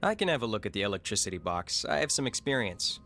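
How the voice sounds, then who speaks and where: A practical, helpful brother in a video game, quick and matter-of-fact, with a lively rise and fall in his lines and faint music behind. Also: lowish voice, heavily acted.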